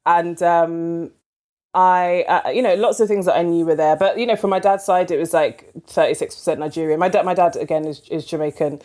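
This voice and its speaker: A woman novelist from London, chatting as an interview guest, filling with "like" and acting out quoted dialogue. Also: fairly quick. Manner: chatty, fills with "like", acts out quoted dialogue with lively pitch jumps. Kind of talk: casual storytelling interview.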